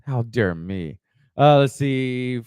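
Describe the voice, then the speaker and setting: A man's voice: medium pitch, lively intonation, slow pace, a little mellow, clean tone, no room sound, studio quality. A man co-hosting a podcast, casually reading strange news stories with plenty of fillers. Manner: laid-back, reads news items aloud with fillers. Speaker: podcast co-host. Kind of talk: casual chat.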